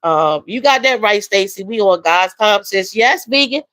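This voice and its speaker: Woman livestream host, warm and emotional, addresses chat directly, dry close recording, mid voice. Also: medium pitch, animated, normal speed, no echo, rough recording. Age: adult with a young daughter. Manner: emotional, soft-spoken, repeats phrases, addresses viewers as y'all and baby. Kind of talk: casual livestream chat reading comments.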